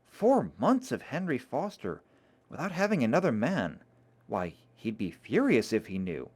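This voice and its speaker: A man's voice: mid-range voice, sing-song, unhurried, darkish tone. A man reading aloud, voicing a fussy, disapproving young woman who scolds her friend. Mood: scolding.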